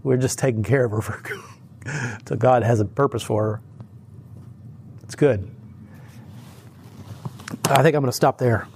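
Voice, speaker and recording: A man's voice: medium pitch, a little slow, creaky, long pauses, a little mellow, a little hiss or hum. A man giving an informal sermon, telling stories in a conversational way, with chuckles and frequent restarts. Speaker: lay preacher.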